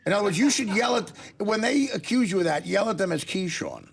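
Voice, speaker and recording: A man's voice: sits high, lively intonation, fairly quick, gravelly, slightly rough. A man hosting a talk show, joking and teasing his guest and laughing often. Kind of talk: casual talk-show banter.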